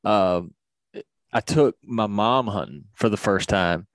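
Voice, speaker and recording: A man hosting a podcast, a relaxed listener who chimes in and then shares his own story. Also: fairly low pitch, takes it slowly, no room sound. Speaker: podcast host. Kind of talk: casual chat.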